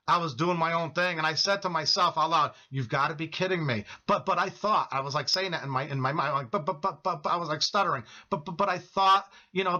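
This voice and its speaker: Forceful middle-aged man giving testimony. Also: a little high, highs cut off. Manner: emphatic, repeats phrases, addresses viewers as friends. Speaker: speaker giving a personal testimony. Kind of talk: earnest testimony to viewers.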